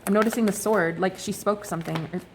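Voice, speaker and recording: A young woman reads oracle cards while talking to her viewers in a casual, rambling, profane monologue. Her medium-pitched voice moves fast over background noise, and she tells stories expressively and with animation.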